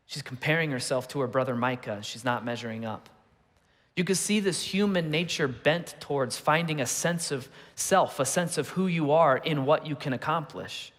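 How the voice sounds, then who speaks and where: A man in his thirties gives a sermon in a loose, conversational way, asking his listeners questions as he tells a story. His voice is on the higher side. The sound rings with a long reverb from a large church hall. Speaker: pastor. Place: church auditorium.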